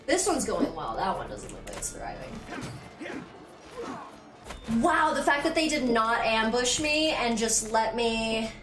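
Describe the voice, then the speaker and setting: A young woman with a fairly high voice chats through her strategy game, sarcastic and quick to swear. Her voice rings in an echoey room. Game music plays underneath. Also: distant mic. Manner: chatty, sarcastic, swears casually. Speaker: gaming streamer. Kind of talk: casual gameplay commentary. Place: home room.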